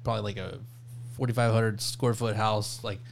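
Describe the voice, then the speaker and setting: A man co-hosting a podcast, telling stories in relaxed, crude, casual banter. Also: on the low side, normal speed, gravelly, a little hiss or hum. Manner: relaxed storyteller, swears casually. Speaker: podcast co-host.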